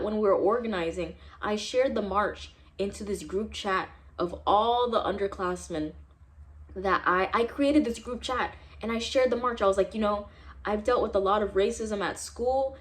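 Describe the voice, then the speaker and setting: A young American woman from San Diego in her twenties, telling a vlog story about her experiences in an angry, profane, emphatic rant. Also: medium pitch. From San Diego, United States. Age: 20s. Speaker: vlogger. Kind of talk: heated personal storytime vlog.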